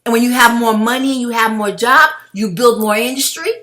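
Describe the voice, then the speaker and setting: A woman's voice: fairly high pitch, a little fast, pushed and bright. A woman delivering a heated, blunt, profane commentary rant straight to her viewers, calling them family. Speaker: video blogger.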